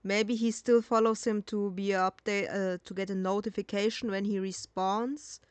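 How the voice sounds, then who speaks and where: A woman's voice: medium pitch, fairly even intonation, normal speed, clean tone, dry recording. Blunt, sarcastic woman reacting late at night. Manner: blunt, sarcastic, swears freely. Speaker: reaction commentator. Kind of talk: casual reaction commentary.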